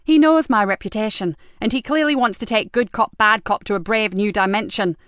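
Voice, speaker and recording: Casting: woman doing a tough, sardonic lady detective inspector for an audiobook, smooth clear voice, sharp and bristling. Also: mid-range voice, brisk, no room sound, studio quality, lightly acted. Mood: indignant. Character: hard-drinking defiant female police inspector. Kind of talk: audiobook character voice.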